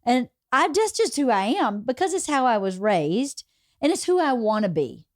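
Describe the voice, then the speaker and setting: A woman's voice: fairly high pitch, very animated, moderate pace, darkish tone, dry recording, clean studio sound. A woman with a Southern American accent hosting a casual podcast interview, chatty and acting out quoted voices. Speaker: podcast host.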